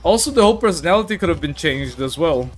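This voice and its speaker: A man's voice: fairly high pitch, lively intonation, fast, soft background music. A man streaming a game, chatting casually, reading chat aloud and filling gaps with "like" and "uh". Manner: chatty, reads chat aloud, many fillers. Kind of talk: casual live-stream commentary.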